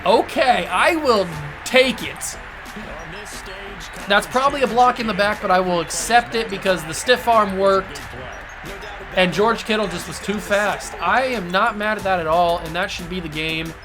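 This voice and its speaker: A man calls his own football video game in a loose, excitable let's-play commentary that now and then jumps to shouting. Clear music plays underneath his voice. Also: high voice. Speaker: gaming YouTuber.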